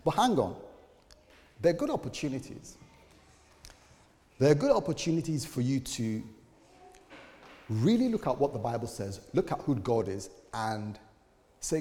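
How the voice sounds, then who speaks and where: A man's voice: mid-range voice, very animated, a little slow, long pauses, warm tone, long reverb tail. A man preaching a sermon as a pastor, speaking in a conversational way and acting out the voices of people he quotes.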